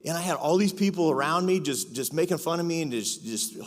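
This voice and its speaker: A man's voice: fairly high pitch, expressive, brisk. A man preaching a sermon in a chatty, confessional way, with joking asides. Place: church auditorium. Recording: echoey hall reverb.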